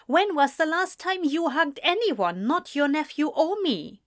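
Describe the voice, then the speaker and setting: A woman reading an audiobook, voicing a brash, cheerful young mother with blunt, excitable retorts. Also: high voice, unhurried, pitched above the performer's own voice, heavily acted. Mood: brash playful.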